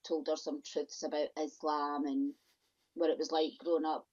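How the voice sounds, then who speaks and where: A woman's voice: low voice, flat delivery, darkish tone. A middle-aged woman from the UK, a podcast guest talking in a casual, outspoken and exasperated way. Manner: outspoken, exasperated, quick asides. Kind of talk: casual interview chat. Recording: dull lo-fi audio.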